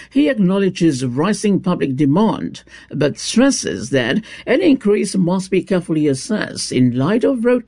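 A man's voice: on the high side, gravelly, a little mellow, husky, no echo, studio quality. A man reading a scripted evening news bulletin as anchor, formal with the occasional small stumble.

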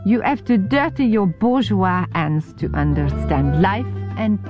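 A woman's voice: medium pitch, measured pace, dull audio, over music, lightly acted. A woman voicing a brash, bossy French woman cook who scolds in a French accent. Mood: lecturing. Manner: scolding, theatrical.

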